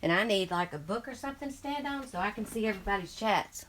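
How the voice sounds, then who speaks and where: A woman's voice: mid-range voice, lively intonation, fast talker, a bit bright, slight background noise. A woman hosting a casual craft livestream from her book-filled craft room. She talks in a chatty, scattered way and greets viewers as she reads their chats aloud. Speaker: crafting channel host. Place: craft room full of books.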